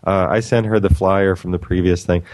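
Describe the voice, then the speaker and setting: A man's voice: low-pitched, fairly even intonation, brisk, darkish tone. A man telling stories in a rambling, enthusiastic way on a casual talk show. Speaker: talk show guest and lecturer. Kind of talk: casual chat.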